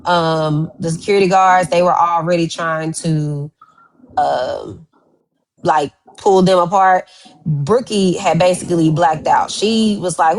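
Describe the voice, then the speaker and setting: A woman's voice: fairly low pitch, a little slow, rough recording. A woman giving a casual witness account in loose slang with many fillers. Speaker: witness guest. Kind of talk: casual recounting.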